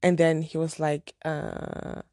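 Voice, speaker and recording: Chatty female vlogger from Zimbabwe, warm low voice, dry close sound, rambling and frank. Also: flat delivery, slow pace, dry recording. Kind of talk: casual storytime chat.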